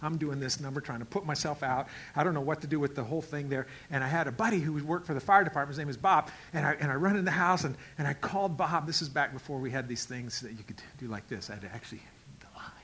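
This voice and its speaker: Middle-aged male pastor, bright, slightly high voice, animated storyteller acting out scenes in his sermon. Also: quick pace, slightly rough, rough recording. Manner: animated, acts out dialogue with big swings in loudness.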